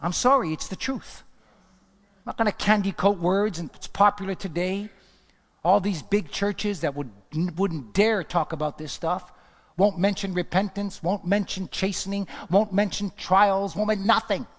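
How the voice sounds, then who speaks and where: Fervent male preacher, high-pitched, reverberant hall sound, loud-to-hushed delivery. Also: moderate pace. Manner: fervent preacher, swinging from shouts to hushed asides. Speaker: pastor. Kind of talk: sermon.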